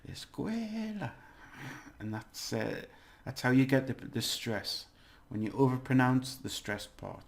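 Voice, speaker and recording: A man's voice: medium pitch, steady tone, unhurried, creaky, few pauses. A man giving a casual video language lesson, chatty, exaggerating words to demonstrate them and laughing at his own slips. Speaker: language teacher.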